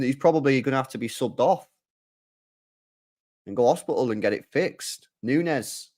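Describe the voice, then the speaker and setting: Young man, football watchalong streamer, excitable, loud reactive outbursts. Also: on the high side. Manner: excitable, shouting groans of disgust. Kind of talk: live football watchalong commentary.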